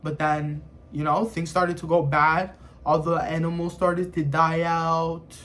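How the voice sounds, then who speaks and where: A man giving a casual video review, rambling and animated, with lots of "you know" and "like". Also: fairly high pitch, measured pace. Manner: animated retelling of scenes. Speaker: anime reviewer.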